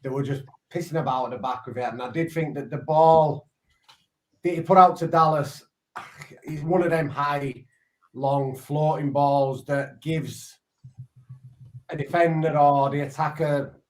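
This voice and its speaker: A man with a Yorkshire accent rating players in a casual football chat, rambling with drawn-out phrases. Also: a little high, fairly even intonation. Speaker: panelist.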